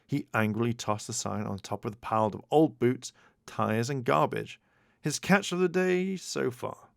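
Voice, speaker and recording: A man's voice: medium pitch, normal speed, creaky, dry recording. A man narrating a children's storybook as an audiobook, reading expressively into a close mic. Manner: expressive read-aloud narration.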